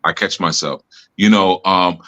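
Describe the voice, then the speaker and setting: A man with a low, deep bass voice that carries a bright, forceful edge. He talks in a relaxed, reflective way, working through ideas aloud with frequent "you know" asides. He sounds like someone speaking on a live stream. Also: a little slow, highs cut off. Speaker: spiritual teacher and host. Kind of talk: casual teaching talk. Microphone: live stream mic.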